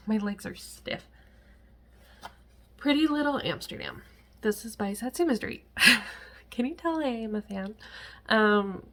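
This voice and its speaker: A woman's voice: mid-range voice, gravelly. A woman chatting casually to camera at home as a cross-stitch vlogger, rambling with frequent laughs and asides.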